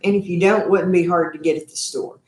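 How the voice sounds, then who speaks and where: A woman's voice: lowish voice, steady tone, fairly quick, darkish tone, roomy sound. Chatty woman hosting a live cooking show. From Texas. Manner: chatty and effusive, addressing viewers as y'all. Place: home kitchen.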